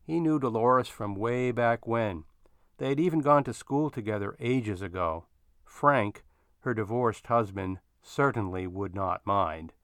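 A man narrating a story in an expressive storytelling manner. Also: fairly low pitch, a little slow, clean tone, dry recording, studio quality.

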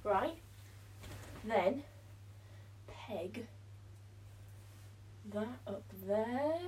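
A young British woman with a slight cold, a bit out of breath, chats to herself and her pets at home while building a blanket fort for a casual solo vlog. Her voice is a little high and expressive with a breathy edge, and she draws out words and pauses often. She frequently drops into whispers.

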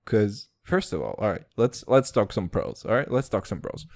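Animated, profane young podcast host. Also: male voice, fairly low pitch, moderate pace, vocal fry, no room sound. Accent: mixed Eastern European and American. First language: Serbian or Turkish. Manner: profane, rambling, self-mocking, swings between shouts and mutters. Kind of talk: casual solo podcast rant.

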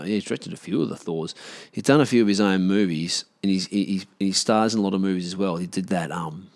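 A man's voice: lowish voice, no echo. A man talking loosely to camera in a casual vlog, rambling with slang and restarts. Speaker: vlogger.

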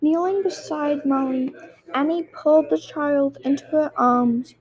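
A woman's voice: high voice, measured pace, dull audio. A woman reading a storybook aloud, with small slips and restarts.

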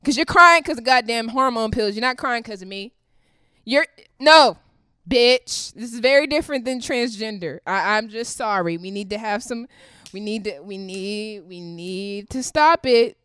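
A woman ranting straight to camera in a blunt, profane, confrontational way, swinging between loud outbursts and low muttering. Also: clear, resonant tone, dry recording, clean studio sound. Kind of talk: direct-to-camera rant.

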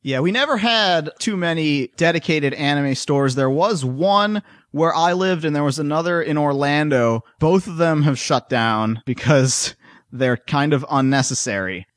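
A man's voice: on the high side, a little slow, no room sound, clean studio sound. A man hosting a podcast in casual chat, wry and joking. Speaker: podcast host.

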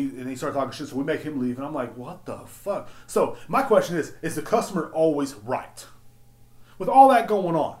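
Profane, animated man ranting, echoey room. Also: mid-range voice. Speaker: podcast host. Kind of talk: casual storytelling rant. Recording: roomy echo.

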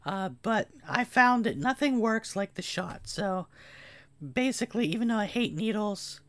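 A man whose voice stayed high and boyish talks slowly and earnestly to his camera, pausing often as he gathers his thoughts. The sound is dry and close, with no room echo. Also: fairly bright tone, clean tone. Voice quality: high, boyish voice that never deepened. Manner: halting and earnest, many pauses. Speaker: video creator. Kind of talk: personal vlog talk.

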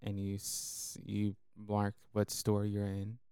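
A man with a low, gravelly voice cuts in with dry, teasing remarks during a casual podcast chat. His tone is smooth and resonant despite the grit, and the close mic keeps the sound dry. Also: completely flat delivery, takes it slowly, dark tone, no room sound. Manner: wry, teasing interjections. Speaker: podcast co-host.

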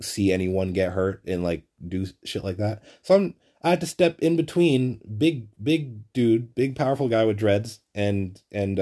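A young podcast host from Flatbush, Brooklyn tells a story in a casual, rambling monologue, his lowish voice warm as he swears freely and says "like" constantly.

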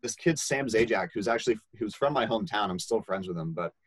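A young man casually telling a story, lively and laughing, acting out quoted voices. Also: fairly low pitch, fast, no room sound, rough recording.

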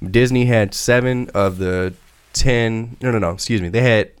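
A man with a lowish, smooth voice chatting casually on a podcast about film news. He talks loosely, restarting sentences and dropping the odd swear word. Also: moderate pace, no room sound, clean studio sound. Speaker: podcast co-host. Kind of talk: casual chat.

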